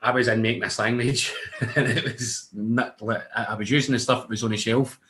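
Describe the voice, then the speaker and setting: A man's voice: medium pitch, steady tone, a little fast, bright, forceful tone. A young Scottish man, a wrestler, casually telling rambling anecdotes in an interview, with many restarts and laughs. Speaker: wrestler guest.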